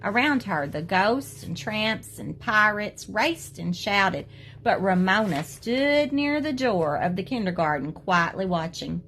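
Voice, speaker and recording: Teacher, woman, reads children's book to class, gentle, animated, light hiss behind. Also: mid-range voice, measured pace. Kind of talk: reading a children's book aloud.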